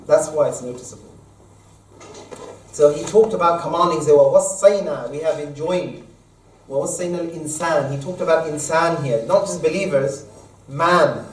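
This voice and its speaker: A man's voice: fairly high pitch, racing. Man preaching in an echoey mosque. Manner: explanatory, quotes Arabic verses then unpacks them. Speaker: imam. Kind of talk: Friday sermon. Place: mosque hall. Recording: echoey hall, mic at a distance.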